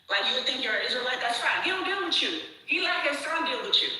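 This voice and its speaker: A high, sharp-toned woman argues insistently, talking over others in a casual, colloquial way. She is out of breath from walking. Her voice comes through a very roomy, echoey call line. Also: far from the mic. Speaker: discussion participant. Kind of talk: live online debate.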